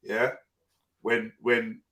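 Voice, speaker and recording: A man's voice: fairly low pitch, completely flat delivery, drawn-out words, bright, forceful tone. A man hosting a live online panel, chatting casually in slang with frequent swearing and laughter over a video call. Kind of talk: casual chat.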